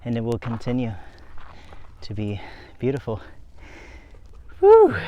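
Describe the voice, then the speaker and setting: A man's voice: mid-range voice, little pitch movement, normal speed, dark tone. A man talking to his camera while cycling uphill outdoors, chatty, laughing and out of breath. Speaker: cycling vlogger. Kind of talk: casual vlog while riding. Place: outdoors, riding a bike uphill. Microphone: phone camera held while cycling.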